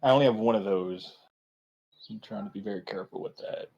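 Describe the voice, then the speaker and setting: A man's voice: lowish voice, a little fast, creaky, a little mellow, muffled recording. A man playing a tabletop game, talking casually, swearing freely and laughing easily. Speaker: player.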